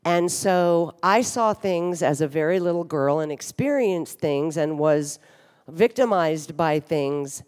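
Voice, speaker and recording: A woman's voice: deep voice, animated, slow pace, darkish tone. A woman in her fifties giving a frank, wry and humorous talk about her own life from a conference stage, swearing bluntly now and then. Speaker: speaker at a recovery conference. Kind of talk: candid personal talk on stage. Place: large hotel ballroom stage. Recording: reverberant hotel ballroom.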